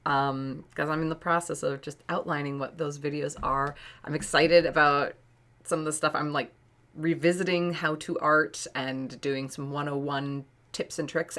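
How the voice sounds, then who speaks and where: Her deep, fairly bright voice carries through a casual livestream as she paints. In her late thirties, she rambles along in conversation and laughs frequently.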